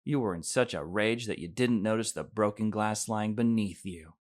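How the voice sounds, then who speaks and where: Man voicing a fragile glass princess from a storybook game: calm, frank, kind, in a lowish voice. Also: moderate pace, natural voice. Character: gentle but bold young glass princess.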